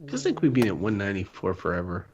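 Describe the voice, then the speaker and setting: A man's voice: fairly low pitch, huge pitch swings, fast talker, dull audio, over a noisy crowd. A man co-hosting a casual podcast, wry and a little rambling as he explains things. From Canada. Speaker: podcast co-host. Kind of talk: casual chat.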